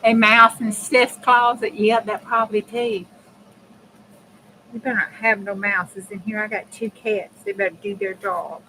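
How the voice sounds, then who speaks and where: A woman's voice: medium pitch, fairly even intonation, moderate pace, fairly bright tone, slight background noise, rough recording. Chatty middle-aged woman crafting. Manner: chatty, folksy, talks straight to viewers. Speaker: craft channel host. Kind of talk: casual chat while crafting on a livestream.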